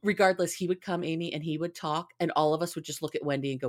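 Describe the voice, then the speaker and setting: A woman in her forties, a podcast co-host, telling stories in casual, expressive chat and swearing freely. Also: low voice, quick pace.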